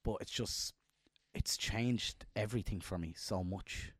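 Man, emotional, low voice. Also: a little slow, fairly bright tone, breathy edge, no room sound, clean studio sound. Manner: emotional, heartfelt, jumps up in pitch when quoting himself. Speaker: podcast co-host. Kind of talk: casual chat.

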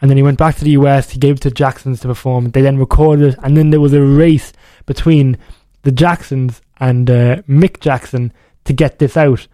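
A man's voice: mid-range voice, steady tone, normal speed, hardly any pauses, mellow, no echo. A young man hosting a music radio show, chatting casually in a rambling way and often correcting himself. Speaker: radio DJ host.

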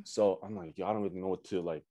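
A young man from Canada, a musician telling a story in a relaxed, slangy chat full of fillers. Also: low voice, fast talker. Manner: laid-back slangy talk with many fillers and profanity. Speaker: musician guest.

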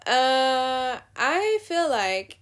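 A woman hosting a show, giving blunt, profane opinions in a casual, animated rant. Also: high voice. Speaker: podcast host.

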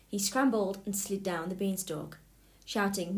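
Female narrator, mid-range voice, expressive fairy-tale reading. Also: medium pitch, measured pace. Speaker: storybook reader.

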